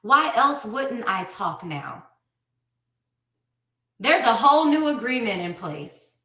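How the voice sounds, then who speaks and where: A woman in her thirties tells her story bluntly and without filter, swearing freely and hammering her points home. Her voice sits fairly high and sounds sharp and bright. It carries the echo of a roomy space, with the mic some distance away. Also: sing-song, slow. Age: 30s. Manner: blunt, profane and emphatic. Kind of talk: candid personal account.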